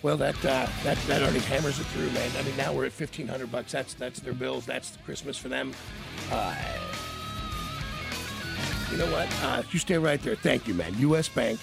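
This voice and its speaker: A male radio host speaks in a heavily gravelly, mid-pitched voice. He sounds steady and reassuring as he walks a caller through what will be taken care of. Music plays clearly underneath. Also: normal speed. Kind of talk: on-air call with listeners.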